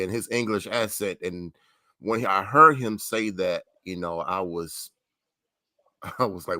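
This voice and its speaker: A man's voice: deep voice, slow, pushed and bright, no echo. A man co-hosting a sports podcast, telling stories with enthusiasm. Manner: enthusiastic storyteller. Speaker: podcast co-host. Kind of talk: casual sports talk.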